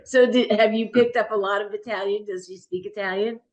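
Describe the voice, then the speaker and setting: A woman's voice: medium pitch, steady tone, fairly quick, a little mellow. A woman hosting a podcast, asking questions in casual chat and laughing readily. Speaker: podcast host.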